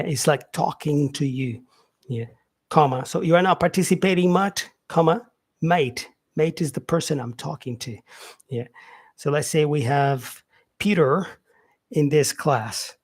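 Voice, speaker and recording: A man teaching an English grammar lesson in a casual way, repeating example sentences and filling pauses with "yeah" and "um". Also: on the high side, slightly rough.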